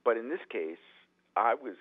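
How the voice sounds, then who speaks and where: A man who is a writer-director telling animated stories in an interview, often restarting his sentences. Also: medium pitch, normal speed. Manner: animated, acts out quotes, frequent restarts. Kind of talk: anecdotal storytelling in a podcast interview. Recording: tinny phone-like line.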